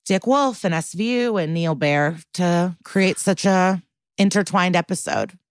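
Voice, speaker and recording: A woman's voice: on the low side, unhurried, clean tone, dry recording. A woman co-hosting a podcast in casual chat, blunt and chatty with lots of fillers. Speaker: podcast co-host.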